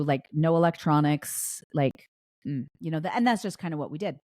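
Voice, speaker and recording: A woman with a notably low, deep voice tells a story, casual and chatty. She backtracks often, dropping fillers as she goes. The sound is dry and close, with no room around it. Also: a little mellow, dry recording. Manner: chatty, with frequent restarts and fillers. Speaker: podcast host.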